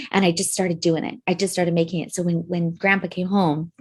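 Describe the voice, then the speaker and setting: A woman co-hosting a podcast, telling a personal story in a casual, animated way and swearing now and then. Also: lowish voice, brisk, hardly any pauses, husky. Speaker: podcast co-host.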